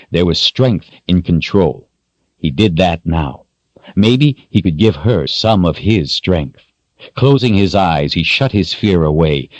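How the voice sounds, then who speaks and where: A man narrating a fantasy audiobook in a steady, measured way. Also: low voice, dry recording. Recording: dry, dull lo-fi studio sound.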